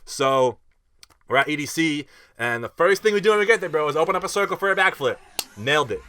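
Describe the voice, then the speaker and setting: A young man telling a festival story in a casual vlog, animated and slangy, with lots of fillers and swearing. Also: on the high side, quick pace.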